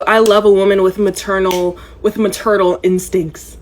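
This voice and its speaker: A smitten young man on a first date gushes sweet, earnest praise , voiced by a woman telling the story. His voice sits somewhat lower and softer than the storyteller's own, with an eager, sincere tone. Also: little pitch movement, moderate pace, lightly acted.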